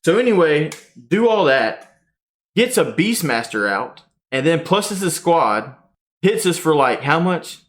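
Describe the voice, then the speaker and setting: A man's voice: a little high, measured pace. A man, casually telling a tournament story on a podcast and acting out the quotes. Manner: animated storyteller, acts out quotes. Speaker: podcast host.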